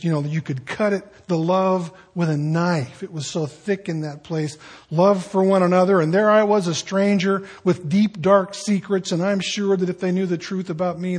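A man's voice: fairly high pitch, husky. A middle-aged man preaching a sermon as pastor, telling stories in a conversational way and acting out other people's lines. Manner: conversational storytelling, animated quoting of others. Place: church sanctuary.

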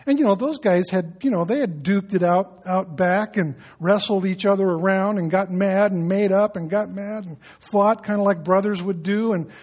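High-voiced man preaching conversationally. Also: moderate pace, few pauses, darkish tone. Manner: conversational, anecdotal preaching with many fillers and restarts. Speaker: pastor. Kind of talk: sermon.

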